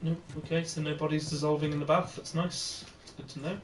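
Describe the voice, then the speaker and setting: A man casually chatting and reacting while playing a game with a friend. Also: a little high. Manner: relaxed, quick reactions. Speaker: let's play co-host. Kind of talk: casual gaming chat. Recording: roomy, distant mic, background noise.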